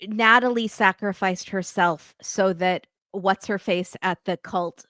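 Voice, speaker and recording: A woman's voice: medium pitch, steady tone, takes it slowly, a bit bright, no room sound, studio quality. A woman co-hosting a podcast, chatting casually and rambling with many fillers and restarts. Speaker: podcast co-host. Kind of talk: casual chat.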